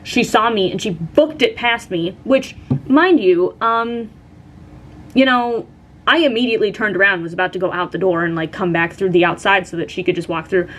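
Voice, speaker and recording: A woman's voice: mid-range voice, moderate pace, a bit bright. A young woman vlogger casually telling a story, chatty and full of "like" and "um". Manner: chatty, lots of "like" and "um".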